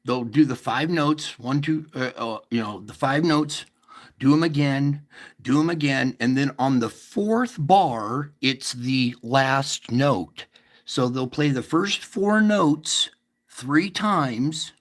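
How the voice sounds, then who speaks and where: A man's voice: mid-range voice, slow pace. A man hosting a casual livestream, explaining at length with restarts and frequent checks with his listeners. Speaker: livestream host.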